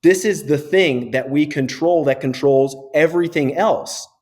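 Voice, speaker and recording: Energetic man explaining breathing. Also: fairly high pitch, unhurried. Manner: energetic, keeps tagging points with "right?". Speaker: guest, breathing physiotherapist. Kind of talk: casual podcast interview, explaining.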